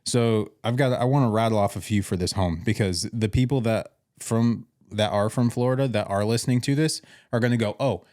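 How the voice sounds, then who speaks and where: A man's voice: fairly low pitch, a little fast, few pauses, darkish tone, no echo, studio quality. A man hosting a casual podcast, telling paramedic stories and acting out the dialogue with swearing. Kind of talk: casual storytelling chat.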